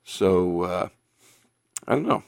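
A man's voice: low voice, lively intonation, slow pace, gravelly, a little mellow, clean tone, dry recording, clean studio sound. A man who hosts a radio program as a pastor, preaching in an earnest, emphatic way with frequent ums and restarts. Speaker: pastor and radio show host. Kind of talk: radio talk show preaching.

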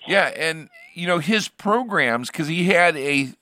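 A man's voice: on the high side, lively intonation, a little slow, pushed and bright, dry recording. Radio pastor guy rambling along in casual chat, keeps restarting his sentences, dry close sound. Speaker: radio show host, pastor.

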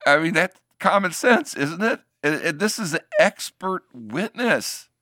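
Bright, animated male show host. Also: on the high side, no room sound, clean studio sound. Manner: animated, halting, restarts often. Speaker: commentary host. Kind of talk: casual commentary on a clip.

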